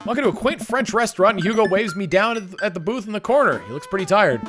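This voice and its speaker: Animated playful male streamer. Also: sits high, fast. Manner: playful, jokey, animated reading. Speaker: streamer playing a dating game. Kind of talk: let's-play commentary reading game text aloud. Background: game music.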